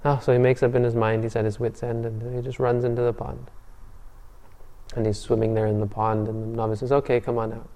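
A man's voice: mid-range voice, level tone, a little fast, mellow. A man giving a Buddhist dharma talk, telling a story in a conversational way with frequent restarts and fillers. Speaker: Buddhist teacher.

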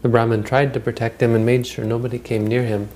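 A man's voice: medium pitch, little pitch movement, fast talker, darkish tone, a little hiss or hum. A man giving a Buddhist dharma talk, retelling old stories in a rambling, conversational way with frequent restarts. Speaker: Buddhist teacher.

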